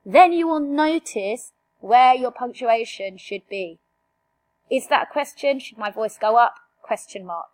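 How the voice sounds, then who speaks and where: Emphatic teacher, higher voice. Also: female voice, expressive, measured pace. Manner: direct, emphatic, addresses students with rhetorical questions. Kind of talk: exam revision lesson.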